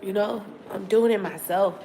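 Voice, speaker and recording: A woman's voice: medium pitch, normal speed, warm tone, slight background noise. Emotional woman vlogging a raw confession. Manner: candid, profane, rambling with restarts. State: emotional, on the edge of tears. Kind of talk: emotional confessional livestream talk.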